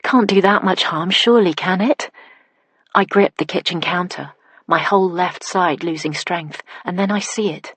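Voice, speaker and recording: A woman's voice: fairly low pitch, moderate pace, fairly bright tone, breathy edge, no echo. A woman narrating a first-person psychological thriller in an intimate inner voice that sometimes drops to a whisper. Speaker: audiobook narrator.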